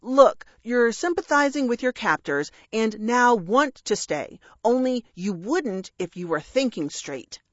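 A woman's voice: a little high, very animated, unhurried, hardly any pauses, no echo, lo-fi sound. A woman voicing an earnest, bumbling young male dragon who speaks in a flustered, grandly heroic way in an audiobook reading.

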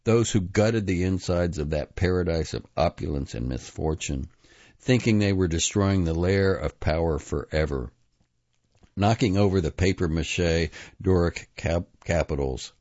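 Man, very deep voice, grave measured literary reading, dry close sound, slightly muffled lo-fi audio. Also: a little mellow, no room sound. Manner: measured, grave reading with small restarts on long words. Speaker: reader. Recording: dull, slightly lo-fi dry recording.

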